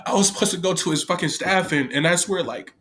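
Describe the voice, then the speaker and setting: A man with a voice on the higher side tells his own story openly. His speech is halting and full of restarts, and he swears freely. It sounds like a candid, unscripted account. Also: fairly bright tone. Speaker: former youth detention worker telling his story.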